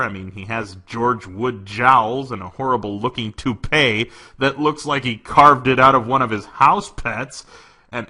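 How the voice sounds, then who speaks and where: A man's voice: mid-range voice, pushed and bright. A man doing sarcastic, theatrical mockery in video commentary.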